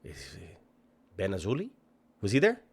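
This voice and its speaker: A man's voice: lowish voice, huge pitch swings, moderate pace. A man commenting on a video clip he is playing, mocking and incredulous, swearing freely. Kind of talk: reaction commentary.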